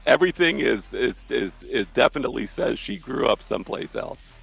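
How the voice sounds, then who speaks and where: A man's voice: medium pitch, animated, moderate pace, vocal fry, a bit bright, breathy edge, faint music behind, low-quality recording. A man acting as game master, narrating a tabletop role-playing scene loosely, with frequent restarts.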